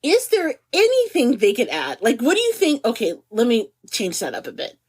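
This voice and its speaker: A middle-aged woman co-hosting a podcast in casual chat, animated and giggly, stretching words for emphasis. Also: fairly high pitch, moderate pace, breathy edge. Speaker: podcast co-host.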